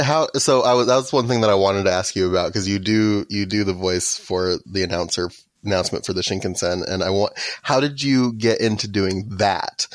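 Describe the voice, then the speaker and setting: Low-voiced male host who rambles through his questions, dry close sound. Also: no room sound. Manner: rambling, stacks questions with restarts. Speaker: interview host. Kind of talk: casual interview.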